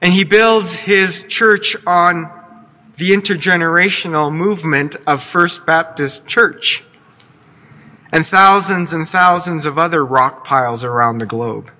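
A man's voice: fairly high pitch, a little slow, pushed and bright. A man pastor preaching a sermon, telling the story expressively and voicing quotes with playful asides. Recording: long hall reverb.

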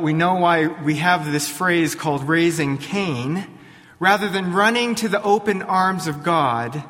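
A man pastor preaching a sermon in a church, deliberate, posing rhetorical questions to his congregation. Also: on the high side, fairly bright tone, long reverb tail.

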